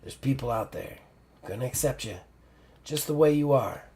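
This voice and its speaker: A man voicing a dying older woman mentor who speaks in a soft, gentle, hushed way. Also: medium pitch, expressive, normal speed, slightly rough. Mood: tender. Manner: soft, hushed, tender delivery.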